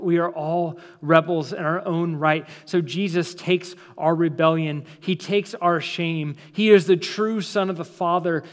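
A man, a pastor, preaching a sermon with dramatic pauses, slowing down and dropping soft for emphasis, in a church sanctuary. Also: high-pitched, in a large hall. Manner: dramatic preaching, slows and drops to near-silence for emphasis.

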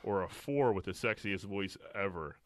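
A man's voice: deep voice, normal speed, no room sound, clean studio sound. A man co-hosting a casual podcast, making blunt, crude jokes. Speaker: podcast co-host.

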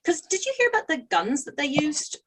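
A British woman chats on a casual podcast with a quick, wry manner. Her voice sits a little on the high side. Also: very animated, noisy background. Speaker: podcast co-host.

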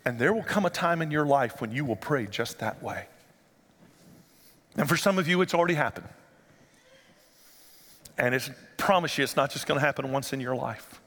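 A male pastor giving an animated sermon in a church sanctuary and asking the congregation rhetorical questions. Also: medium pitch, moderate pace, pauses often. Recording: long hall reverb.

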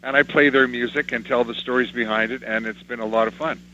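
In an interview, a Canadian musician, an older man, reminisces with anecdotes from his life and performs the voices of those he quotes. His medium-pitched voice is fast, bright and forceful with a steady tone. A faint hum sits under a slightly dull recording.

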